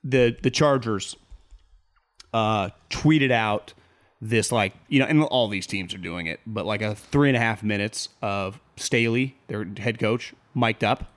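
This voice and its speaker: A man's voice: fairly low pitch, measured pace. Rambling male sports podcast host. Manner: rambling, animated, quotes people in a raised voice. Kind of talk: casual sports chat.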